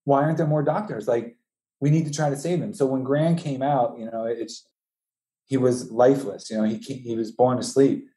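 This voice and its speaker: A man telling the story of losing his newborn twins, speaking haltingly with many restarts, his voice climbing high and strained with grief. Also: fairly even intonation, dark tone, reverberant. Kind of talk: emotional personal testimony.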